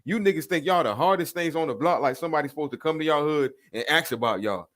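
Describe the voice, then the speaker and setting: A man's voice: a little high, animated, quick pace, a bit bright. A man hosting a reaction video, confrontational and profane, calling people out in a heated rant.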